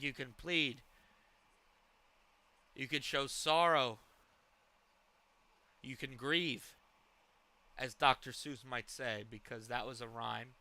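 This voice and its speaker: Bright, crisp-voiced ranting stream host. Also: male voice, a little high. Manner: rambling, profane ranting. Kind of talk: live stream reaction commentary.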